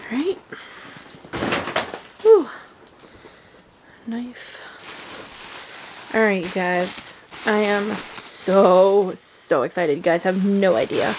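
A woman vlogger from Canada, unboxing a package at home in a casual, gushing, excitable way. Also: mid-range voice, takes it slowly, vocal fry, long pauses, a little hiss or hum.

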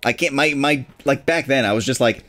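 A man's voice: mid-range voice, brisk, a bit bright. A young man co-hosting a let's play, making wry, laughing remarks. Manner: wry, laughing, dry asides. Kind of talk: casual gaming commentary.

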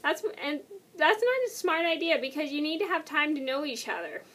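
A woman's voice: sits high, expressive, moderate pace, a bit bright. A young woman vlogging casually, answering questions in a rambling, self-correcting way and sounding tired. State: tired and yawning. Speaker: YouTuber.

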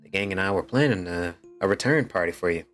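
A man voicing a boastful young cowboy-wannabe sheriff in a put-on Western drawl, loud and showy. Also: deep voice, lively intonation, quick pace, soft background music. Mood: bold.

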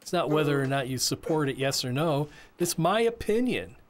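A man voicing a signer's interview answers as interpreter, halting with frequent restarts and repeated words. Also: a little high, sing-song, slight background noise.

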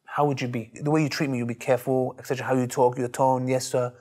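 Fast-talking husky man. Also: mid-range voice. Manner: acts out quoted voices, lively and emphatic. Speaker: Muslim preacher interviewed. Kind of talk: animated storytelling in an interview.

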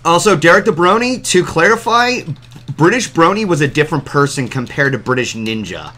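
Male streamer host, bright animated voice, casual call chat. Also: fairly high pitch. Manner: animated, quick to react. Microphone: desktop mic on a call.

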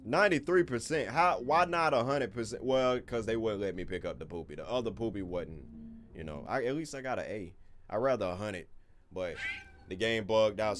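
Man, gameplay commentary, low voice, faint hiss behind. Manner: loose, rambling, swears casually, talks to viewers. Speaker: gaming YouTuber.

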